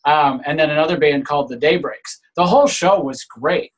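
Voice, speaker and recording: A man's voice: fairly high pitch, moderate pace, rough recording. A man casually telling a story on a group call, earnest and a little aggrieved.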